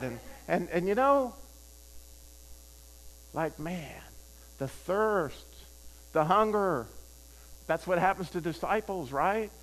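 A man's voice: high-pitched, lively intonation, slow, long pauses, a bit bright, low-quality recording. An older man preaching a sermon, telling a personal story and often asking the audience questions. He talks in a conversational way and repeats his key phrases for emphasis.

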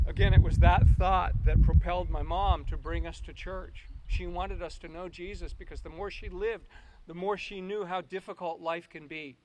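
Male pastor, high voice, halting, repeats words as he restarts, sermon delivery. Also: steady tone, highs cut off, noisy background.

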